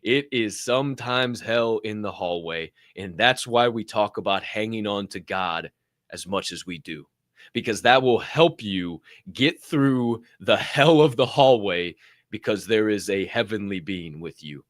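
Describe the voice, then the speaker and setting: Unhurried yet animated, a young man co-hosting a podcast delivers a profane motivational monologue, alternating between loud outbursts and muttered asides. The studio-quality recording is dry.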